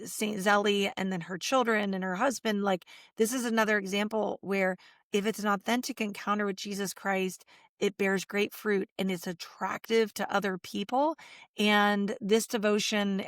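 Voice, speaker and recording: A woman's voice: medium pitch, normal speed, no room sound, studio quality. A middle-aged woman, a Catholic speaker and author, talking as a guest in an interview and telling stories with acted-out quotes. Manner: animated storytelling, acts out quotes. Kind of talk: conversational interview.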